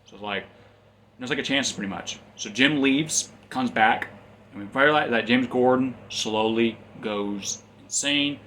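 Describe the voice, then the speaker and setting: A man's voice: mid-range voice, measured pace, fairly bright tone, slight background noise. A man casually recapping a comic's plot as a reviewer, rambling with frequent ums and restarts.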